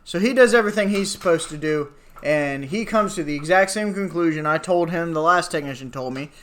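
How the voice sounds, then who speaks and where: A man's voice: fairly high pitch, a little fast, fairly bright tone. A man in his twenties ranting casually to his viewers, exasperated and sarcastic, swearing freely and rambling through asides. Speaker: vlogger. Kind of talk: casual rant to camera.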